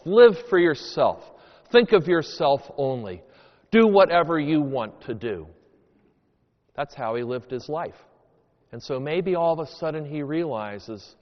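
A man preaching a homily as a priest, with slow, deliberate phrasing that rises and falls dramatically. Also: expressive. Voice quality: sweeping highs and lows, slow deliberate delivery. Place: church. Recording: long church reverb, dull lo-fi sound.

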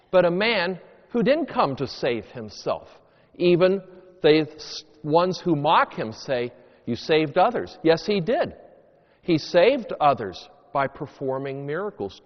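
In a church, a man preaching a homily as a priest speaks with slow, deliberate phrasing that sweeps dramatically between highs and lows. The recording has long church reverb and a dull, lo-fi quality.

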